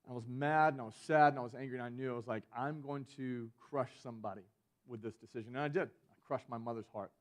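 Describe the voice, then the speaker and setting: Young guy preaching to students, chatty, lots of "like", mid-pitched voice. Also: fast talker. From Georgia. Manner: conversational, many "like" fillers, animated retelling of a personal story. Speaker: student ministry pastor. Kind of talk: youth sermon.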